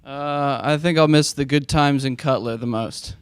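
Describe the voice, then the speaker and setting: A young man in his late teens, a graduating student, speaking softly and evenly. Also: medium pitch, moderate pace, smooth, dry recording.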